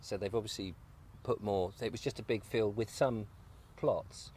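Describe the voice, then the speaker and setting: This casual outdoor chat finds a male guest and video maker eating breakfast on an allotment, rambling and joking, occasionally mid-mouthful. He has a lowish, slightly mellow voice at normal speed, with slight background noise.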